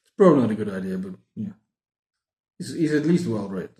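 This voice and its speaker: A man's voice: on the low side, expressive, brisk, mellow. Guy in his 30s rambling about books, jokey and self-mocking, echoey room. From South Africa. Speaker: book vlogger. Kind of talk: casual book-haul chat. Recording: roomy echo.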